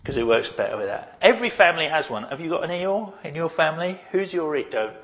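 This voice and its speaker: A man delivers a lively sermon to his congregation at a fast clip in a somewhat high voice, tossing out rhetorical questions and funny asides along the way.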